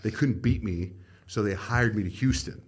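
A man's voice: on the low side, moderate pace, slightly rough. A middle-aged man, a radio host, telling stories of his career in a casual podcast chat and acting out the people he quotes.

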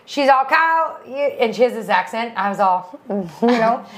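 A woman co-hosting a podcast, chatting and gossiping in an animated, storytelling way. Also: on the high side, normal speed. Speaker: podcast co-host. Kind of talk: casual chat.

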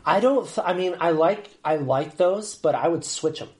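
A podcast co-host in casual chat, this man has a fairly high, animated voice with a darkish tone and moderate pace. He often talks over others, cutting in and restarting as he blanks on names he's trying to recall.

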